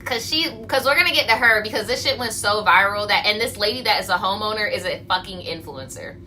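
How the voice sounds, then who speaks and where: A woman's voice: medium pitch, fast, sharp tone, slight background noise, low-quality recording. A young woman ranting on a livestream, telling a story in blunt, profane words and acting out the quotes. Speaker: vlogger. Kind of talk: casual livestream rant.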